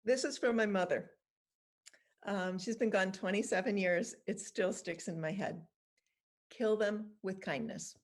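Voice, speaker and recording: A woman's voice: mid-range voice, measured pace. A middle-aged woman guest patiently explaining, step by step, how to handle judgment. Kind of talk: calm guided instruction and anecdotes.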